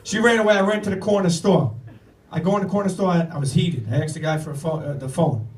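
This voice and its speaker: A man's voice: fairly high pitch, fast, darkish tone. A middle-aged man telling a stand-up story on stage, rambling and profane, with stammered restarts. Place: comedy club stage with audience. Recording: echoey room, recorded from far off.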